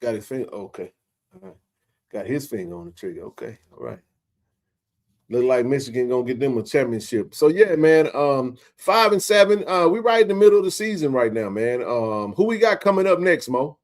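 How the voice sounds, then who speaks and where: Guy in his 40s running a sports stream, goofing around, chatting with viewers, middling pitch. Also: a little fast. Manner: joking, animated, talks to chat readers. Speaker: sports talk stream host. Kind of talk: casual live-stream chat.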